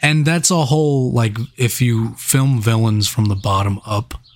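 A man's voice: medium pitch, measured pace. A man co-hosting a movie review podcast, chatting casually, swearing and laughing as he jokes. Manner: laughing, profane, joking. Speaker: podcast co-host.

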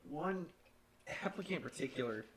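A man's voice: on the high side, expressive, brisk, slight background noise. Rambling, laughing young man telling stories. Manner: storytelling, laughs often, rambling with restarts. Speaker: podcast co-host. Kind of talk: casual chat.

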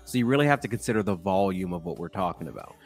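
A man hosting a podcast, chatting casually in a joking, animated way. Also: deep voice, racing, soft background music. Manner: joking, animated, often laughing. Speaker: podcast host. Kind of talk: casual chat.

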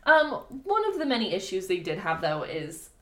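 Lively, laughing young woman storyteller. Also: mid-range voice, normal speed. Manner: animated, laughing often, swears casually. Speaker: podcast co-host telling a history story. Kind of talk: casual storytelling chat. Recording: echoey room.

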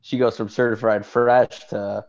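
A man co-hosting a comedy podcast with dry, low-key quips, on a dull lo-fi mic. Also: little pitch movement, a little slow, creaky. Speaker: podcast co-host. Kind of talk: casual comedy podcast chat.

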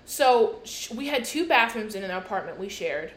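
A woman's voice: mid-range voice, animated, normal speed. Exasperated swearing young woman. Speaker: podcast co-host. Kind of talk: casual storytelling chat. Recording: echoey room with faint noise.

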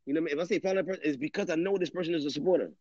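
A man's voice: a little high, rapid-fire, darkish tone, dry recording. A man hosting a live stream, rambling casually in street slang and swearing often. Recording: dull lo-fi dry audio.

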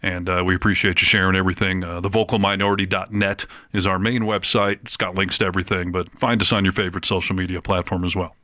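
Podcast host, male, low-pitched, bright and forceful tone, rambling casual delivery, dry close mic. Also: flat delivery, quick pace, hardly any pauses, dry recording. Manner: joking, rambling, with fillers.

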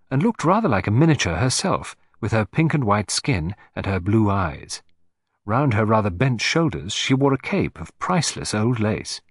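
A man reading a detective story aloud in a measured, expressive storytelling manner. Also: on the low side, slightly rough, no room sound. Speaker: audiobook narrator. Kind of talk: scripted storybook narration.

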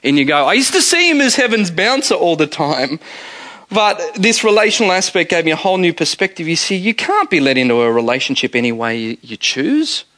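A man's voice: sits high, brisk. A male pastor giving a conversational, humorous sermon. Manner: conversational, animated preaching with humor.

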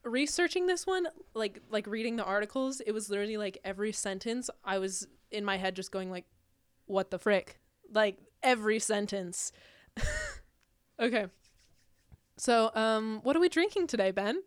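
A chatty young woman from the United States co-hosting a podcast in a studio, breaking into giggles as she talks. Her voice is smooth and clean, and it sits dry and close to the mic with hardly any room around it. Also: medium pitch, expressive, normal speed, no echo. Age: 20s. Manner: giggly, laughs often, chatty. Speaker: podcast co-host. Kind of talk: casual chat.

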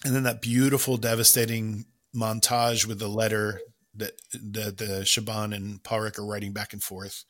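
Male podcast co-host, bright voice, enthusiastic film chat with quick acted-out quotes. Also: lowish voice, little pitch movement. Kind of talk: casual film analysis chat.

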